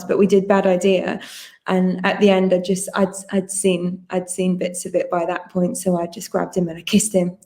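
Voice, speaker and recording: A woman's voice: medium pitch, a little mellow. A woman guest chatting eagerly over a laptop video call, telling a long story and acting out other people's lines. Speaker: guest performer. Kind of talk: casual interview chat.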